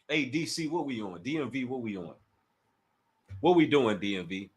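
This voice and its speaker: A Washington, D.C.-area man hosts a casual livestream, taunting a rival and speaking directly to his chat. His mid-range voice is expressive and moves at a moderate pace.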